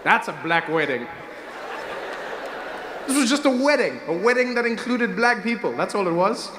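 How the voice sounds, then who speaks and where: South African male comic, lively set, high register, noisy live recording. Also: moderate pace. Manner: animated, switches into character voices. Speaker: stand-up comedian. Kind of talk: stand-up comedy set. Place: comedy venue with live audience. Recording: noisy live room recording, some echo.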